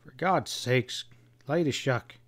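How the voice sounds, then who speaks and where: A man reading an audiobook, voicing a gruff, impatient cowboy who speaks in short, growled lines. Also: medium pitch, moderate pace, natural voice.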